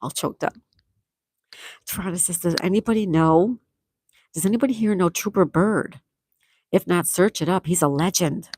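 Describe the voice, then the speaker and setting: Her voice is lowish and darkish as this middle-aged host goes through viewer comments on a casual livestream at a normal pace, fond and talkative, laughing often. No room sound is audible.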